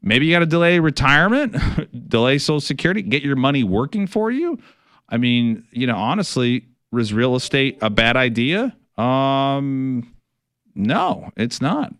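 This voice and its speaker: A man's voice: mid-range voice, very animated, unhurried, fairly bright tone, no echo, clean studio sound. A middle-aged man, a financial advisor hosting a radio show, talking casually with many fillers, restarts and some wry sarcasm.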